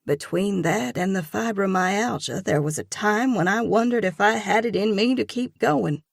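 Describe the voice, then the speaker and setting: A woman voicing a kind, devout older mother who speaks in an earnest, gently encouraging way. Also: mid-range voice, normal speed, creaky, dry recording, studio quality.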